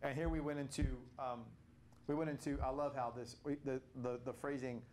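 A man's voice: mid-range voice, steady tone, a little fast, darkish tone, a little hiss or hum. An older man leading a casual Bible study reflection, telling stories in a rambling way with many restarts.

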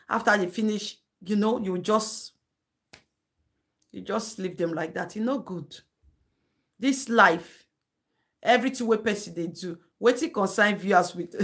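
This Nigerian woman's mid-range voice is a bit bright as she runs a gossip commentary live stream. Chatty and scolding, she lectures her viewers and breaks into laughter between points.

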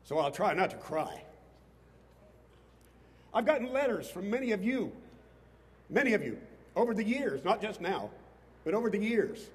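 A man's voice: high voice, very animated, normal speed, pauses often, in a large hall. A man, a state legislator, giving an impassioned speech to a crowd outdoors, rising to emphatic bursts. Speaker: state legislator addressing a rally. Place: outdoors on capitol steps before a crowd.

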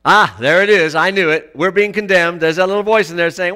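A man preaching a sermon in a church, emphatic and rising to loud exclamations. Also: high voice, brisk, clear, resonant tone. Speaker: pastor.

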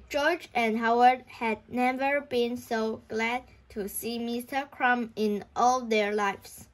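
A young woman reads a children's story aloud, stumbling and restarting words often. She reads slowly in a fairly high voice. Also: steady tone. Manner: halting with frequent restarts. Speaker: reader. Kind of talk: reading a children's book aloud.

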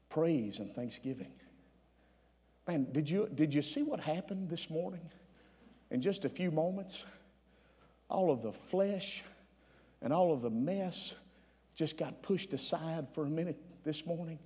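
A man preaching a sermon as pastor, with many "uh" fillers between phrases, rising at times to shouts. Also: a little high, unhurried, long pauses, husky, long reverb tail. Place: church sanctuary.

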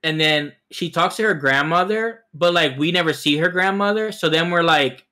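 A man's voice: fairly high pitch, moderate pace, pushed and bright. A man co-hosting a casual film review podcast, rambling and hedging with lots of likes. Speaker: podcast co-host.

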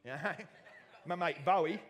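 A man with an Australian accent preaching a sermon in a church, jokey and animated with self-mocking asides. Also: fairly high pitch, a little slow. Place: church hall. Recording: long church hall reverb.

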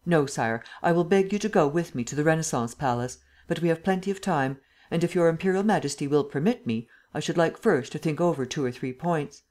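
A gentleman thief speaks with polite, measured confidence, low-voiced and unhurried. He addresses his ruler with courteous assurance. A woman reads him in an audiobook. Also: natural voice. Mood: calm. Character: calm, self-assured male gentleman thief.

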